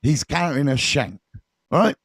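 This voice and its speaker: A man, a recovery mentor telling stories to viewers on a live stream, casual and animated, swearing freely and often checking in with his listeners. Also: fairly high pitch, measured pace, slightly rough, no echo. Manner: animated, swears freely, keeps checking in with "right?" and "you know what I mean".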